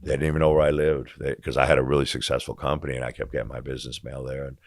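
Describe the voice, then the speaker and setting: A man's voice: rumbling low, little pitch movement, very fast, no echo, clean studio sound. A man telling his story as a podcast guest in blunt, profane casual talk, acting out the dialogue as he goes.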